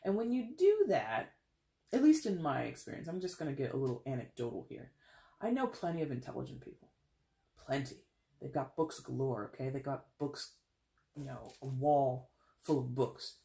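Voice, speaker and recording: A tarot reader talks straight to the camera in a blunt, sassy way, swearing freely and rambling with quick restarts. The voice sits at a middle pitch. The recording has a noticeable echo from the room. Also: very animated, gravelly, mellow. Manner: chatty, with laughs and restarts. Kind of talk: casual solo reading to camera. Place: alone in a room at home. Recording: echoey room.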